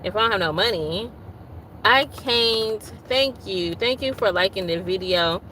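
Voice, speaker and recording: A woman's voice: medium pitch, animated, unhurried, sharp tone, slight background noise, poor audio. A woman hosting a casual livestream, chatting and venting while greeting viewers by name. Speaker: livestream host.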